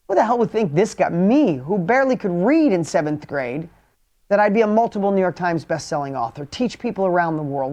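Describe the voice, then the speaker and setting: A man with a voice that sits high motivates an audience, talking bluntly and with energy. Some lines come out loud and emphatic, others hushed.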